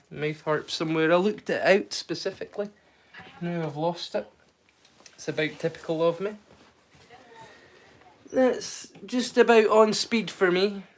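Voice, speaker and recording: Scottish man, high voice, rambling live-stream host chatting with viewers, swears freely. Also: slight background noise. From Scotland. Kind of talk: casual live-stream chat.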